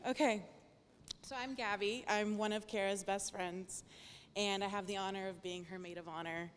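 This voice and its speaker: A woman's voice: mid-range voice, flat delivery, moderate pace, big-room sound, slight background noise. A woman in her thirties, the maid of honor, giving an emotional rehearsal dinner toast, shaky and nervous, joking and laughing through it. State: nervous and teary. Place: dinner hall.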